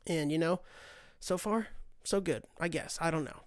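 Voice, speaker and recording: A man's voice: sits high, brisk, no echo. A man hosting a podcast, rambling in a profane, self-deprecating monologue and saying dude a lot. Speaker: podcast host. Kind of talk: casual monologue.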